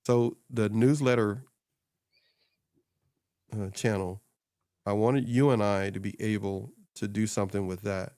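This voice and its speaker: A man's voice: fairly low pitch, steady tone, unhurried, long pauses, warm tone, no room sound, clean studio sound. A man hosting a casual chat, coaching on social media in a loose, rambling way and laughing often.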